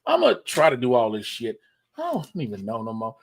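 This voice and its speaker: Man, livestream host, mumbling, casual slang, talking to himself, mid-pitched voice. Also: huge pitch swings, a little fast, gravelly, slightly rough. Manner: mumbling, talking to himself while fiddling with software; loose, profane slang. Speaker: stream host.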